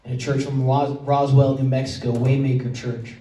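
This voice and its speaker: A man's voice: mid-range voice, flat delivery, normal speed, mellow. A man, a pastor, preaching a sermon in a conversational storytelling way. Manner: conversational storytelling, choked up at times. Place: church sanctuary. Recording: echoey church hall from far off.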